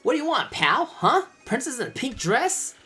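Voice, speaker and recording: A man's voice: very high-pitched, sing-song, normal speed, sharp tone, soft background music, pitched above the performer's own voice, exaggerated voice. A man voicing a rude little male mushroom townsman in a game, brusque and street-tough. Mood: gruff.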